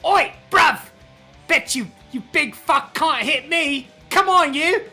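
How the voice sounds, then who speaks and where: A man voicing a cocky male fae, shouting taunts at a demon. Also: very high voice, animated, slow, faint music behind, pitched above the performer's own voice, exaggerated voice. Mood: taunting.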